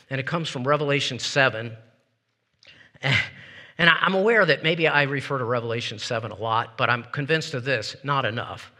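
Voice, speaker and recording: A man preaching a sermon as pastor, talking in a lively, conversational way and leading his congregation in call-and-response. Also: on the high side. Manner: lively, conversational, laughs between points. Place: church sanctuary with congregation. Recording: long hall reverb.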